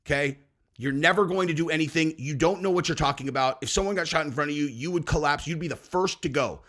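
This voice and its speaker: A male podcast host delivers a heated political rant. His voice sits a little high, and he scolds and curses freely as he lectures his listeners. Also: fast talker, a bit bright.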